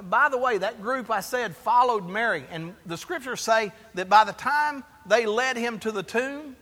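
A man preaching a sermon, asking the congregation rhetorical questions in an animated way. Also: sits high, in a large hall. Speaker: pastor.

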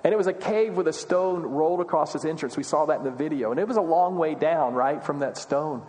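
Guy preaching, kinda high voice, talky and earnest, big echoey church hall. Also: a little fast, darkish tone. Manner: earnest, conversational preaching with rising questions. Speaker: pastor. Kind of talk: sermon. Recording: long reverb of a large hall.

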